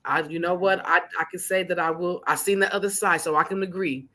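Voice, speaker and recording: A woman's voice: fairly low pitch, brisk. A woman hosting an interview with casual, heartfelt, emotional talk. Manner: effusive, emotional, animated storytelling. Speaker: podcast host.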